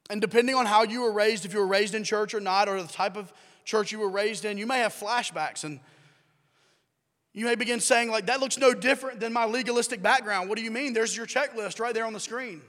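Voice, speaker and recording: Man, pastor, high voice, conversational sermon, questions to the congregation, repeated key phrases, long hall reverb. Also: fairly even intonation, normal speed, pauses often, fairly bright tone. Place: church sanctuary.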